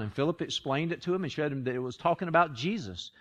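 A man preaching a sermon with a slightly high voice. He tells stories in a loose, conversational way, often stumbling and restarting. Then he builds to emphatic, repeated lines. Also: lively intonation, fast talker, fairly bright tone. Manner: conversational storytelling, rising to emphatic repetition; frequent restarts and stammers. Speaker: pastor.

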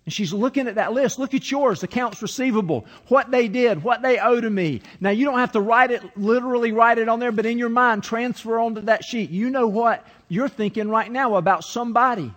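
A man's voice: very high-pitched, a little fast, hardly any pauses, a bit bright. A man preaching a sermon as pastor, telling a story and reading scripture, acting out the quoted voices as he goes.

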